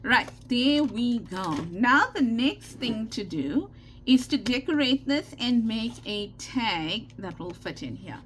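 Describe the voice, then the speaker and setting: A woman's voice: on the high side, sing-song, slow pace, a little hiss or hum. A woman with a South African Indian accent hosting a casual craft tutorial, chatty and given to repeating herself with frequent "okay" check-ins. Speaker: craft channel host.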